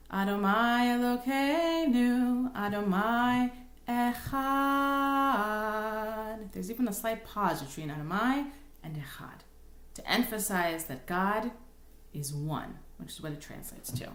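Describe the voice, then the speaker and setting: A woman cantor giving a recorded lesson, explaining patiently and thinking aloud, now and then breaking into slow sung examples. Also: medium pitch, a bit bright. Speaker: cantor teaching a class. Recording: roomy, echoey room sound.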